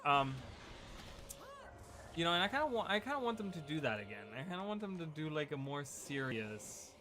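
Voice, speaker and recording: A man's voice: a little high, very animated, moderate pace, pushed and bright. A man giving casual, rambling commentary while playing a video game, often restarting his sentences. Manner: rambling, chatty, many restarts. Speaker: gaming video creator. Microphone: USB desk microphone. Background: game music.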